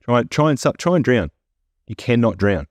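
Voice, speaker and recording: A man hosting a podcast, rambling and swearing freely in a casual chat while high on edibles. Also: very animated, normal speed, no room sound, studio quality. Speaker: podcast host.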